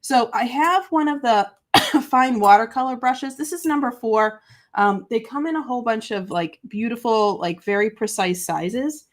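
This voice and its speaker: Higher-voiced woman with a summer cold. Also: normal speed. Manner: gushing, talks to the chat. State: has a summer cold, coughing. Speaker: host of a live papercraft show. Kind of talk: live crafting tutorial, chatty.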